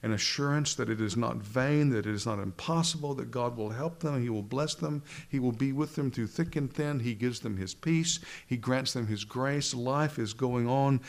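Pastor preaching with slow emphasis. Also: male voice, medium pitch. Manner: expository preaching with rising emphasis and slow stressed phrases. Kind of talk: sermon.

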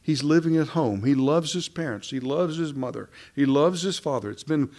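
A man's voice: on the high side, animated, moderate pace, darkish tone. Man preaching a wry, conversational sermon. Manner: conversational, wry, asks many rhetorical questions. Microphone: microphone.

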